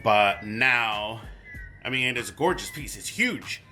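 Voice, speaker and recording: Guy rambling on about his statues, bright tense voice, acts out what people said. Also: mid-range voice, takes it slowly, soft background music. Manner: rambling, retells chats with lively quoted voices. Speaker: collector reviewing statues. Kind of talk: casual unboxing vlog.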